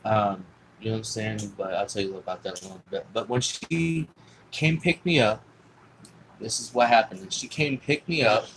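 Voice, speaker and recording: A man's voice: fairly low pitch, moderate pace, fairly bright tone, slight background noise, rough recording. A man telling a long personal story in a rambling, profane way, with lots of fillers and restarts.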